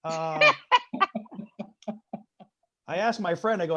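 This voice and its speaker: Comedian with a high voice doing a stand-up set over video call from his bedroom, quick one-liners, begs the room for laughs. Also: background noise. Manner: rapid one-liners, pleading with the audience after jokes.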